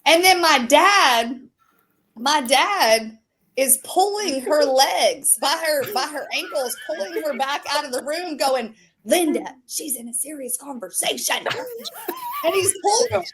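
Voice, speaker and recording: A woman with a high voice tells a story in casual chat. She talks at an unhurried pace. She is animated and leans on plenty of fillers. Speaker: show regular and storyteller.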